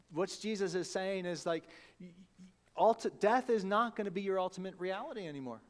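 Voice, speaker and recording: A man preaching a sermon as pastor, conversational and animated, acting out the people he quotes. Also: sits high, fairly quick.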